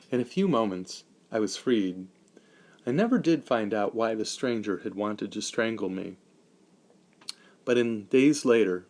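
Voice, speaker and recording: A man reading a first-person memoir aloud in a measured, solemn manner. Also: on the low side. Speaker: narrator.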